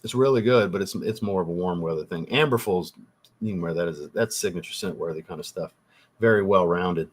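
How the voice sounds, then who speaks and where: Husky-voiced man joking on a livestream. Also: low voice, brisk. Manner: joking, teasing, blunt, swears casually. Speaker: livestream host reading viewer chat. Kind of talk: casual livestream chat.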